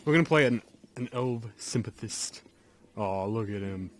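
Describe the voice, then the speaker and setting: A man's voice: lowish voice, moderate pace, background noise. A man giving goofy, rambling commentary while playing a video game. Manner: goofy, rambling, lots of ums. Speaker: let's play host. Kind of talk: casual gameplay commentary.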